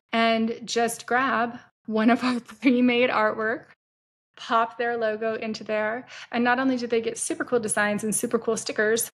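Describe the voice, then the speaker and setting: A woman hosting her own podcast as an entrepreneur, talking candidly and casually and swearing freely. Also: a little high. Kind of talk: solo podcast monologue.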